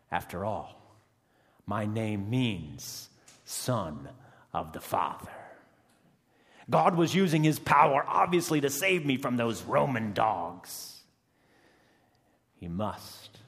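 A man playing a gravelly freed rebel prisoner. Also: fairly low pitch. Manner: hushed and loud swings, dramatic pauses. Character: rough freed male rebel prisoner, fierce and emotional. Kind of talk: first-person dramatic monologue. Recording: long reverb of a large hall.

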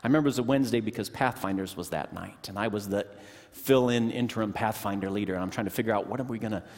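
A middle-aged man preaching a sermon in a church, telling stories with animated energy that drops to hushed tones. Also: lowish voice, fast. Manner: animated storytelling, shifting from excited to hushed. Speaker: pastor. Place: church sanctuary. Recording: long hall reverb.

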